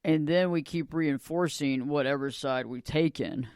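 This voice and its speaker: A man's voice: fairly high pitch, unhurried, smooth, no room sound, studio quality. A man hosting a podcast interview, affirming his guest and often repeating words as he starts his sentences. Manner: warmly affirming, repeats himself. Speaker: podcast host and coach. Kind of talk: casual interview chat.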